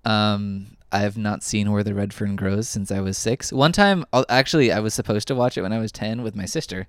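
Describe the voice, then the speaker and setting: A man's voice: fairly low pitch, brisk, clean tone, dry recording, studio quality. A man co-hosting a podcast in casual chat, rambling and enthusiastic, a little self-deprecating. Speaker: podcast co-host.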